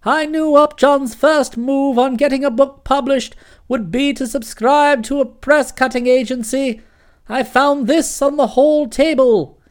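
A woman voicing a forthright older aunt who speaks in a brisk, emphatic way in a storybook. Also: sits high, fairly even intonation.

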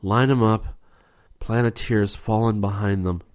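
A man's voice: lowish voice, steady tone, unhurried, darkish tone, dry recording, clean studio sound, close to an everyday voice. A man voicing a wounded young space officer who speaks in tired, clipped commands. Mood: weary.

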